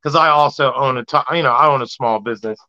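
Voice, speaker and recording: A man, a podcast guest, in casual chat, telling animated stories with frequent laughs and swearing. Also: mid-range voice, fast talker. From Maryland, US. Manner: animated storyteller, laughs often, swears freely. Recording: dull lo-fi remote audio.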